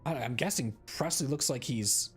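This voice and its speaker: A man's voice: medium pitch, moderate pace, soft background music. A man streaming a video game, chatting casually in a rambling, cursing way. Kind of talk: casual gaming commentary.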